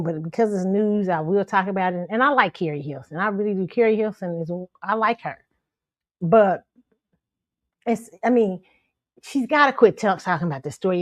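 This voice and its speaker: A woman's voice: medium pitch, no echo, clean studio sound. Sassy, blunt woman host. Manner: blunt, sassy, animated, laughs often. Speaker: show host. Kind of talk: pop culture commentary livestream.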